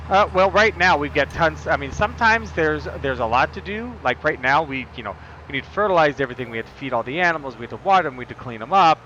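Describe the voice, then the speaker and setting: A male game streamer chats casually over gameplay, rambling and joking with plenty of fillers. His voice is bright and forceful, and a faint noise sits in the background. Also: a little high, lively intonation, fast, hardly any pauses, lo-fi sound. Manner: rambling, jokey, with frequent fillers.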